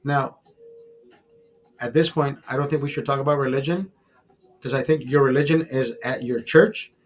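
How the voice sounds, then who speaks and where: A man's voice: medium pitch, normal speed, soft background music. A man hosting a casual livestream, swearing freely as he tells a story with emphasis and talks to his chat. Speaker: livestream host.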